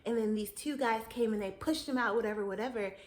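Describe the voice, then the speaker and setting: A woman's voice: fairly high pitch, fast. Lady host chatting away about her dreams, laughs a lot, talks right to you. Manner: animated, laughs often, talks to the listener directly. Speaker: podcast host. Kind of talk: casual storytelling monologue.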